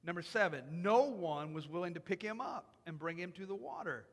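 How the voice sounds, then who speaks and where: A man preaching a sermon in a church, acting out imagined voices and rising into loud, emphatic passages. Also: high voice, animated, moderate pace. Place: church sanctuary. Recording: long hall reverb.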